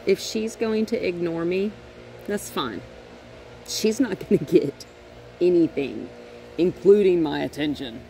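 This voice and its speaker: Woman, dog trainer, chatty, step-by-step, lowish voice, checks in with "right?". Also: a little slow, gravelly, pauses often, mellow, slight background noise. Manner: chatty, explains step by step, often adds "right?". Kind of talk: casual training demonstration. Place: at home and in the yard with her dogs.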